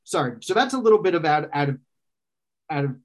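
A man's voice: on the high side, very animated, fairly quick. A man explaining an idea in casual conversation, thinking aloud and often restarting and correcting himself. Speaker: guest expert explaining philosophy.

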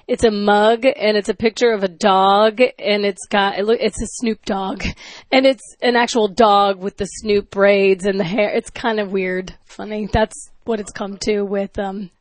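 A woman's voice: medium pitch, steady tone, a little slow, few pauses, no room sound. A woman hosting a podcast, chatting casually in a teasing way and laughing often. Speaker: podcast host. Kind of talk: casual chat.

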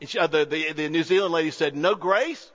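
A man's voice: a little high, fairly even intonation, fast talker, a bit bright. A man preaching a sermon as pastor, telling a story in an earnest, conversational way. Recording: dull reverberant hall sound.

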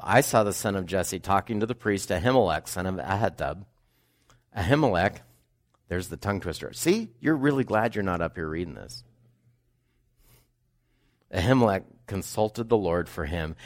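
Pastor, male, lowish voice; reads scripture, then muses and questions the congregation. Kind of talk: sermon. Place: church sanctuary.

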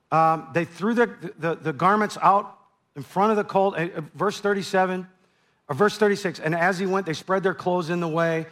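A man's voice: a little high, a bit bright. A man preaching a sermon verse by verse, conversational, with asides and frequent repeated words. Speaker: pastor. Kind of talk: verse-by-verse Bible teaching.

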